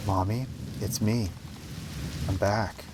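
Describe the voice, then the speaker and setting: A man's voice: fairly low pitch, fairly even intonation, slow pace, noisy background. A man voicing a frightened young girl who pleads tearfully with her mother. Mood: timid.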